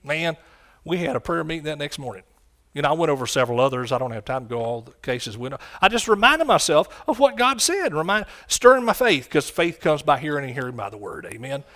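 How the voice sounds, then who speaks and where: A man preaching a sermon, swinging from quiet, low lines to loud, shouted ones. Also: big pitch swings, quick pace. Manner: impassioned, rising to shouts and dropping low.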